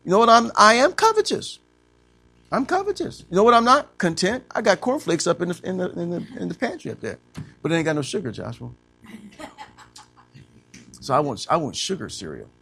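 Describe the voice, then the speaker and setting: A man preaches with a gravelly, slightly high voice. He swings from loud, animated bursts to hushed, low stretches. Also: brisk, pauses often. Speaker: pastor. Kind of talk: sermon.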